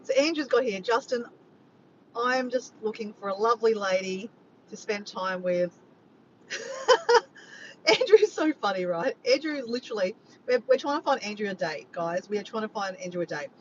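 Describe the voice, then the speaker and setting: An Australian woman hosting a casual livestream, chatting and joking with viewers and reading out their messages. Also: a little fast. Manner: chatty, joking, reads chat messages aloud. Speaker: livestream host. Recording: dull lo-fi sound with faint rumble.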